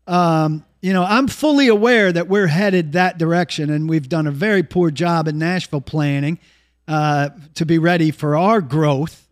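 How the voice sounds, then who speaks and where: High-voiced wry sports talk host. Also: male voice. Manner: wry, opinionated.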